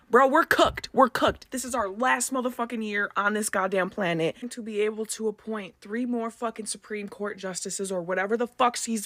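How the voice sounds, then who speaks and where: A woman's voice: on the high side, fairly bright tone, dry recording, studio quality. A woman ranting furiously to camera and swearing heavily. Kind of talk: emotional rant to camera.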